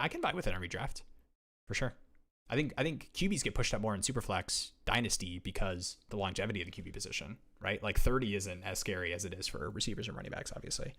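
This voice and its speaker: A young man chatting casually on a live stream as he drafts fantasy football, excitable and rambling, often restarting his sentences. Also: on the low side, creaky. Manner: excitable, rambling, self-interrupting.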